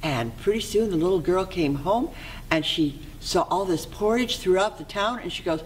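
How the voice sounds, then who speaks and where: A library volunteer telling a fairy tale aloud in an expressive way, sometimes dropping to a soft whisper. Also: mid-range voice, normal speed, a little hiss or hum, rough recording.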